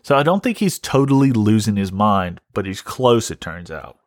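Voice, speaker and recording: A man's voice: on the low side, very animated, moderate pace, no room sound. A man hosting a podcast who tells a story as an exasperated, wry rant and often repeats himself. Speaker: podcast host.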